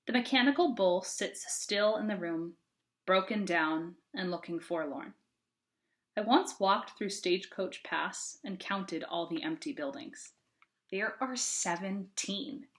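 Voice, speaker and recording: A woman, a sixth-grade teacher, reading a novel aloud to her class with expressive, casual storytelling. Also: mid-range voice, a little slow.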